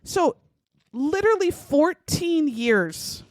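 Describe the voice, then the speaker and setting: A woman's voice: high voice, very animated, slow pace, dry recording. A woman co-hosting a podcast, telling a crime story in casual chat with outraged, profane asides. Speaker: podcast co-host.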